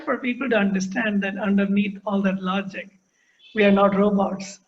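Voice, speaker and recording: A man's voice: high-pitched, steady tone, normal speed. A man hosting an interview, reflective and earnest in conversation. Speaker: interview host. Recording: dull lo-fi sound.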